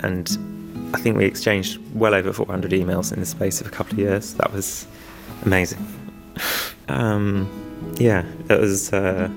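A man's voice: sits low, flat delivery, moderate pace, creaky, over music. A man who weaves and restores old looms, talking in a documentary interview in a rambling, self-deprecating way with small chuckles.

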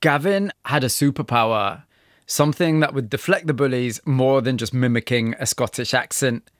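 A male radio presenter narrating a documentary segment in a measured way and asking empathetic questions. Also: medium pitch, no room sound, clean studio sound. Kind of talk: scripted narration and interviewing.

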